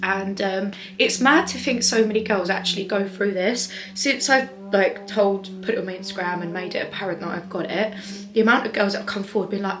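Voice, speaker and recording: Speaking briskly in a mid-range voice, this young female vlogger tells the camera about something that happened to her. Her casual storytime wanders, and she keeps restarting sentences and dropping in fillers.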